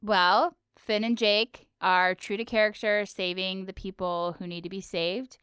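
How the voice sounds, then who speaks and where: A woman's voice: mid-range voice, a little slow, smooth, dry recording, studio quality. A woman co-hosting a podcast, chatting casually and playfully about a cartoon episode. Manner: playful, teasing, animated. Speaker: podcast co-host.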